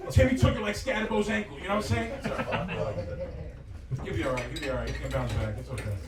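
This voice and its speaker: A man's voice: on the high side, big pitch swings, fast talker. A man from the Bronx with a New York accent doing a brash, crude stand-up set at a live comedy night. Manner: loud, brash and crude, riffing with the crowd. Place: comedy club with a live audience. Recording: echoey club room, distant mic, audience laughter.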